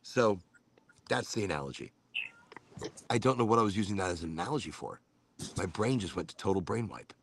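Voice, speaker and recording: An American man hosting a casual chat show, rambling and animated, cursing offhandedly as he talks. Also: low-pitched, a little fast, pauses often, a little hiss or hum. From United States. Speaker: podcast host.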